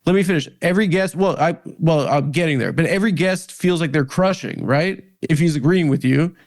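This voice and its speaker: A man in his thirties, a comedian guest in a casual interview, talking in halting starts with lots of fillers and self-mockery. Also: a little high. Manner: halting, many restarts and "like" fillers, self-deprecating. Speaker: comedian and podcast host, guest.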